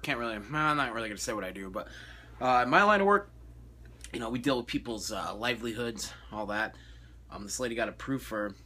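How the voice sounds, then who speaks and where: Husky, swearing young man ranting. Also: medium pitch, pushed and bright. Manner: profane, exasperated ranting. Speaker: vlogger. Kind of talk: casual rant.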